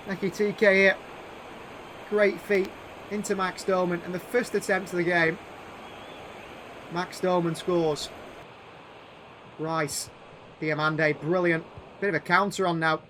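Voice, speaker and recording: Excitable man calling a football video game. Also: high-pitched, measured pace, long pauses, slight background noise. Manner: calls play-by-play in bursts, shouting at chances. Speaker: gaming YouTuber doing live commentary.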